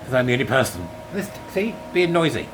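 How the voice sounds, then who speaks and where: A sarcastic man hosts his own commentary channel, his voice sitting at a middle pitch. He sounds exasperated and mocking, laughing at his own jokes as he goes. A faint hum runs under the recording. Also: sing-song, fairly quick. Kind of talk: casual ranting commentary.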